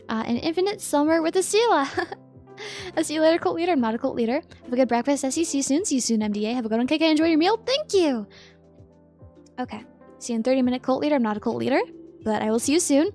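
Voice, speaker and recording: High-voiced, giggly woman streamer. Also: a little mellow. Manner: giggly, reads out chat messages and answers them. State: sleepy. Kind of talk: casual chat with viewers.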